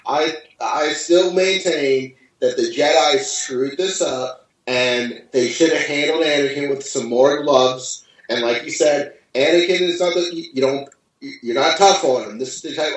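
A man's voice: fairly high pitch, unhurried, recorded from a distance. A man in a mid-range voice talks loosely about films, heavy with fillers. He sits well back from the mic, and the room rings with a strong echo. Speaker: podcast co-host. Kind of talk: casual movie discussion. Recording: echoey room, away from the mic.

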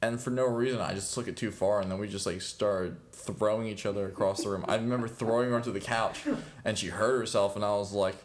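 A man's voice: lowish voice, fairly even intonation, quick pace. A young man chatting casually as a podcast co-host, rambling with lots of fillers and frequent laughs. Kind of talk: casual chat.

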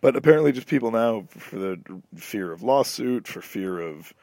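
A young adult man hosting a podcast, telling a long, profane, animated story in casual chat. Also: fairly low pitch, moderate pace, no room sound, studio quality. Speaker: podcast host.

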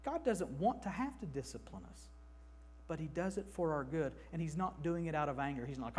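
A man in his thirties preaching an emphatic, animated sermon in a church, slipping into mock voices. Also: on the high side, fairly quick, a little hiss or hum. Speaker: pastor.

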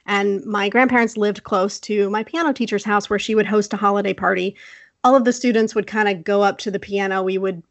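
A woman's voice: medium pitch, no echo. Dry-voiced woman telling a story with animation. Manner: animated, laughs often, acts out quoted voices. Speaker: podcast co-host. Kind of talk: casual storytelling.

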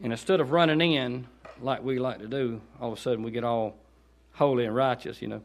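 A man with a Southern accent preaching a guest sermon in a church, dropping to quiet asides and then rising into loud, pleading exhortation. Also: a little fast. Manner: swings from low conversational asides to high shouted pleading. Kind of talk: Baptist sermon. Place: church sanctuary.

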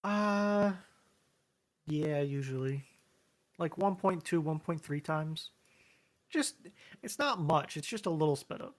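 Young male co-host, fairly high voice, easygoing, quick to laugh. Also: animated. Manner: easygoing, laughs often, agreeable. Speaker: podcast co-host. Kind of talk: casual chat.

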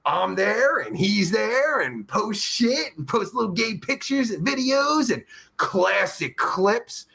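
A man's voice: high voice, very animated, slow, vocal fry, sharp tone, full character voice. A man playing a crude, foul-mouthed pervert character who hosts a comedy live stream, rambling and swearing constantly. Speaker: host.

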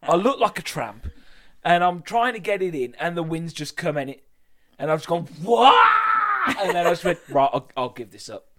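Birmingham man, 30s, podcast co-host, slightly high, jokey and animated. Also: brisk, noisy background. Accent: Birmingham English. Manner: animated, jokey storytelling with put-on quotes. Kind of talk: casual chat.

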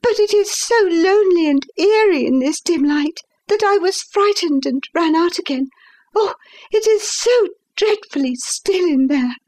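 A frightened young governess pleads in a high, breathless voice, as a woman reads her part. She sounds anxious and on edge. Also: normal speed.

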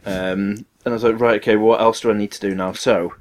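A man's voice: lowish voice, steady tone, brisk, a little hiss or hum. A young man, a podcast co-host, telling a story in casual chat with lots of swearing and acted-out quotes.

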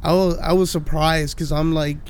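A man's voice: on the high side, normal speed, clean tone. A young man hosting a casual podcast, swearing freely and acting out quotes as he tells stories. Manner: profane, animated storytelling with acted-out quotes. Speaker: podcast host.

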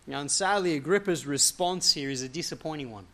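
A man's voice: on the high side, a little fast, sharp tone. A man preaching a sermon, earnestly walking through a scripture passage and letting his voice drop at the ends of phrases. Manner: earnest expository preaching, leaning into quoted scripture.

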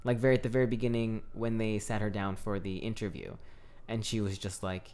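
A man's voice: on the low side, little pitch movement, fairly quick, darkish tone, clear, resonant tone. A man co-hosting a casual podcast about a horror film, talking loosely with lots of fillers and frequent laughs. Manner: chatty, laughs often, many "like" and "um" fillers. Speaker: podcast co-host. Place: recording with a co-host.

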